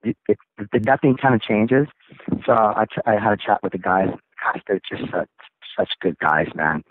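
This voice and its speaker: A man, a rock singer, telling stories as an interview guest, acting out other people's lines in excited, high voices. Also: moderate pace, no room sound. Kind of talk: casual storytelling interview. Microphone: phone. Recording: tinny, dry phone line.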